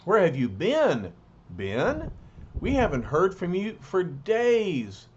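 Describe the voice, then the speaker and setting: A man voicing an earnest, worried young woman superhero in a comic read-aloud, lifting his pitch for her. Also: wildly swooping pitch, slow, a little mellow, highs cut off, a little hiss or hum, exaggerated voice. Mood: relieved.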